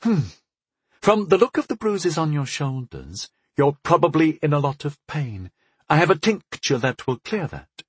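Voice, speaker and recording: Brief: a man doing a frank young woman healer, wry and patient, lifted a little higher than his own voice, husky, lively. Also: moderate pace, no echo. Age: 20s. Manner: patient, amused, matter-of-fact.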